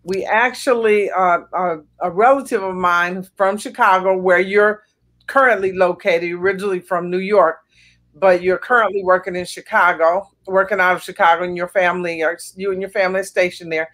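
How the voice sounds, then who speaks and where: A woman's voice: fairly low pitch, fairly even intonation, moderate pace, fairly bright tone. Reassuring woman hosting over a video call. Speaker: podcast host. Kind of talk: casual interview chat.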